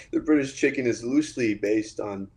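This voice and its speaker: American guy, mid voice, kinda halting with lots of ums and likes, casual chat. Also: medium pitch, darkish tone, breathy edge. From United States. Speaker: guest, cartoon creator. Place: home recording space.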